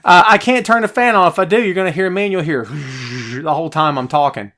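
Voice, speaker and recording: A podcast host with a brisk, higher-pitched voice runs a wrestling stream, chatting with viewers live and reading their comments aloud in an animated way. He's in a hot home office wearing headphones, with a phone nearby.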